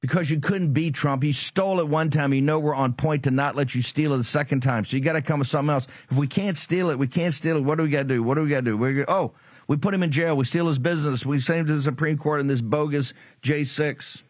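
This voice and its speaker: A man's voice: fairly high pitch, fast talker, no room sound, studio quality. A man hosting a political talk show, delivering a combative, taunting monologue full of sarcasm.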